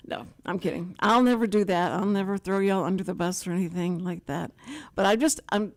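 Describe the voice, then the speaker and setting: An older woman hosting a talk show, telling stories in a rambling, animated way full of asides. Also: fairly low pitch, a little fast. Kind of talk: casual chat.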